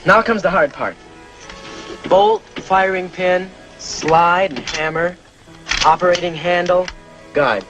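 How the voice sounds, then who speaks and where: An actor playing a green young Marine recruit who fumbles and talks himself through a task, in 1950s war film style. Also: male voice, high-pitched, takes it slowly, pauses often, over music, rough recording. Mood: flustered.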